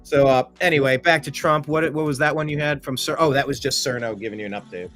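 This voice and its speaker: A man hosting a political talk show, from the Cleveland area, excitable and jokey, prone to loud outbursts. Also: medium pitch, fast, soft background music. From Cleveland, Ohio area. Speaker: show host.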